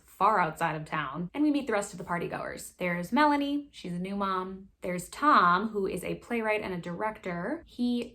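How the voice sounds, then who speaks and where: Chatty woman doing a book recap, kinda low voice, sassy little side comments. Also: a bit bright. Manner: sassy, chatty, quick asides. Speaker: book review host.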